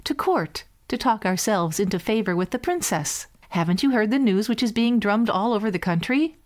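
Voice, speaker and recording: A woman's voice: medium pitch, animated, moderate pace, a little mellow, natural voice. A woman reading a fairy tale, voicing two proud young brothers who mock their sibling. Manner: mocking, superior.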